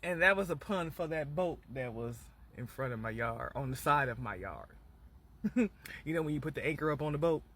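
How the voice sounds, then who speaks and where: A man's voice: on the high side, expressive, fairly quick, fairly bright tone, slightly rough. A man from Michigan talking to his viewers in a loose, rambling way. He strings puns together, swears a lot, and keeps asking "you hear me?". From Battle Creek, Michigan. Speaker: vlogger. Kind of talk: rambling off-the-cuff monologue.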